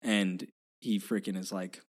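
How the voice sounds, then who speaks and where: A man's voice: sits low, steady tone, unhurried. A man co-hosting a casual movie podcast, talking enthusiastically and rambling, with many fillers and restarts. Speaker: podcast co-host.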